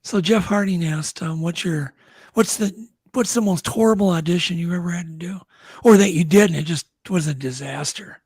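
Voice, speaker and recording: Husky-voiced co-host reading questions. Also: medium pitch, moderate pace, a little mellow. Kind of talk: casual interview chat.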